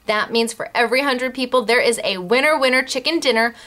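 A woman hosting a craft shop video show, chatting through announcements in a bubbly, giggly way and spelling out names and numbers slowly. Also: on the high side, bright, forceful tone. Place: craft store.

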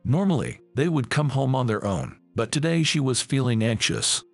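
A man narrating a scripted family story in a measured storytelling manner. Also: mid-range voice, expressive, creaky, soft background music.

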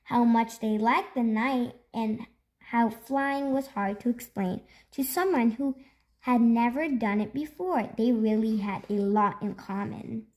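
A woman hosting a storytime, reading a children's picture book aloud in an expressive, slow storytelling manner. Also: fairly high pitch. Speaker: storytime host.

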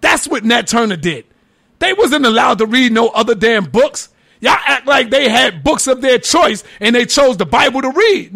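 A man giving a heated, profane preaching-style lecture, mocking his critics and often shouting for emphasis. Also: very high voice, expressive, moderate pace, gravelly. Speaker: religious lecturer.

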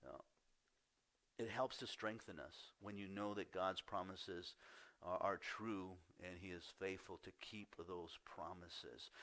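Man, pastor, sermon, lowish voice, candid, conversational, rises when excited, softens on key points. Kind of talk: sermon, scripture reading and personal story.

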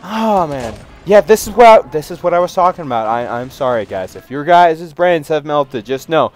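A man giving excitable reaction commentary to memes, with loud outbursts and frequent laughter. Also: fairly high pitch, normal speed.

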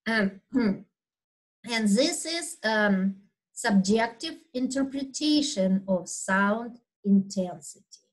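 Slow, loud-spoken woman lecturing on anatomy. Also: mid-range voice, lively intonation, poor audio. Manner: unhurried, explanatory, with fillers and throat clearing; talks loudly by habit. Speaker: anatomy instructor. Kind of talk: recorded video lecture.

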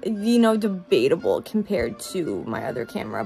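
A woman's voice: very animated, normal speed, creaky, warm tone. A young woman talking casually to her phone camera in a rambling, self-deprecating vlog, with faint music behind. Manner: rambling, bubbly, self-deprecating, sing-song swings in pitch. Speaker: vlogger. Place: home and car.

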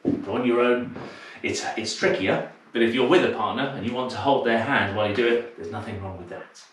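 A man's voice: mid-range voice, fairly quick, fairly bright tone. Man, dance teacher, counting steps aloud, slightly out of breath, far from the mic, echoey room, background noise. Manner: counts steps aloud in rhythm, chatty explanations between. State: a little out of breath. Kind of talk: teaching a live online dance class.

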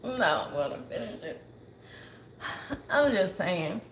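Emotional lady vlogger on a live, talks slow, voice swoops up and down, echoey noisy kitchen. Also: on the low side, animated. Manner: emotional and tearful, calls viewers y'all. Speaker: cooking vlogger on a livestream. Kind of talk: casual chat to viewers. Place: home kitchen. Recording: echoey room with background noise.

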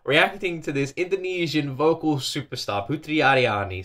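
A man's voice: a little high, expressive, moderate pace, hardly any pauses, pushed and bright. A British man from England hosting a reaction video from his attic, tearful and gushing, repeating himself and laughing between words. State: tearful, voice thick with crying. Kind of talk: casual reaction commentary. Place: cold attic at home.

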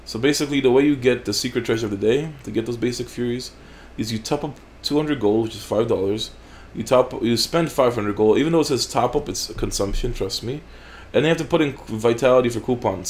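Brief: male gaming host, casual commentary, blunt and foul-mouthed, mid-pitched voice. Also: darkish tone. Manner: profane, blunt, frequent swearing.

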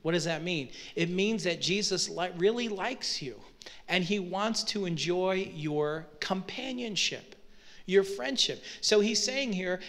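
A man with a notably high-pitched voice preaching a sermon, working through scripture verse by verse. He talks to the congregation in a conversational way, checking in with rhetorical questions as he explains. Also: unhurried, fairly bright tone. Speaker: pastor.

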